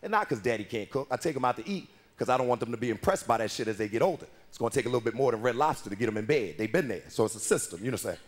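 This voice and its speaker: A male stand-up comedian in his thirties telling profane, animated stories about his daughters on a club stage. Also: mid-range voice, very fast, few pauses. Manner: profane, animated storytelling with voices.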